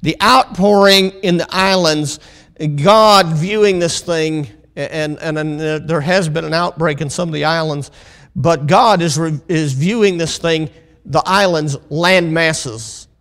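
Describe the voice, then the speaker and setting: High-voiced preacher in a reverberant hall. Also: male voice. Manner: preaching with call-and-response asides, rising to loud emphatic peaks; drawn-out, deliberate delivery. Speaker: pastor teaching a Bible lesson. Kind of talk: sermon.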